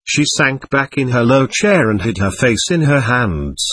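A man narrating a classic novel as an audiobook, with expressive storytelling. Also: medium pitch, measured pace, hardly any pauses, slightly rough, dry recording.

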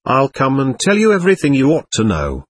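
A man reading the lines of a fussy, excitable middle-aged lady who gushes in breathless exclamations. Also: mid-range voice, a little fast, breathy edge, dry recording. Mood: flustered.

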